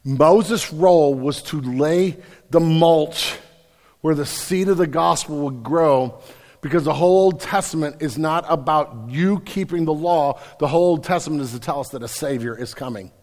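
A man preaching a sermon, talking in a casual, storytelling way and rising to forceful emphasis. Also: on the high side, normal speed. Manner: conversational preaching with anecdotes, builds to forceful emphasis. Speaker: pastor. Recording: long reverb of a large hall.

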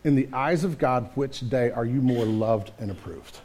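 A man's voice: medium pitch, normal speed, darkish tone, slight background noise. A man preaching a sermon to his congregation in a conversational way, often repeating words and throwing in "man" as he talks. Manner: repeats words and restarts mid-sentence. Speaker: pastor.

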